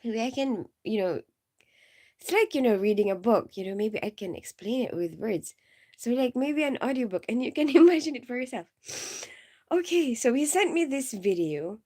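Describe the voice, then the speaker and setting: A woman's voice: fairly high pitch, expressive, normal speed, darkish tone. A woman chatting casually on a live stream, giggly and rambling, filling her talk with "like" and "you know". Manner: giggly, keeps bursting into laughter.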